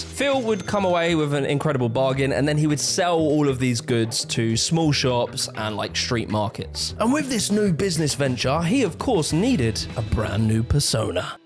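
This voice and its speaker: Guy doing a sarcastic video essay, kinda high voice, jumps all over in pitch, faint music behind. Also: normal speed. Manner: sarcastic, animated, swears. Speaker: YouTube host and narrator.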